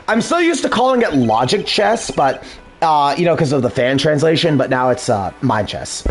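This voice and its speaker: A chatty male streamer rambles through his game session, his fairly high voice swinging widely in pitch. Faint game music plays behind him. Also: sing-song, normal speed. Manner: chatty, rambling, easily sidetracked. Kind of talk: casual gameplay commentary.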